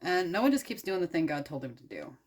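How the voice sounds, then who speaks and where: A woman's voice: fairly low pitch, big pitch swings, fairly quick, a little mellow. A young adult woman from the United States retelling a story in a casual, irreverent and profane way, rambling with many fillers. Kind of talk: casual storytelling while crafting.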